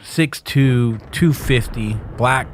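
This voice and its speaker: A man tells a wild personal story on a podcast, cursing freely and laughing through it. His voice sits at an ordinary pitch, and faint background noise runs under the recording. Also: slow. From small town. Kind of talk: casual storytelling.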